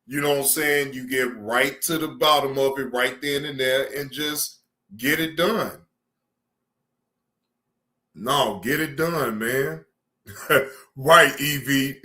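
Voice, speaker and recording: Profane, animated man ranting on stream. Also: fairly high pitch, takes it slowly, long pauses. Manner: animated, profane, repeats himself for emphasis. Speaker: streamer reacting to news. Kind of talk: casual profane rant.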